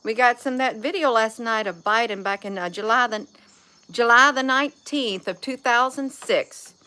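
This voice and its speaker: Bright-voiced woman rambling casually. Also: a little high, normal speed, clean tone. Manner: folksy, chatty, drifts between topics. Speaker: vlogger.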